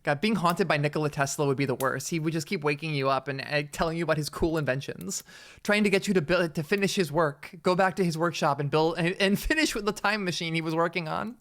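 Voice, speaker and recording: A woman streaming a game live, chatting, giggling and thinking out loud. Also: sits low, quick pace.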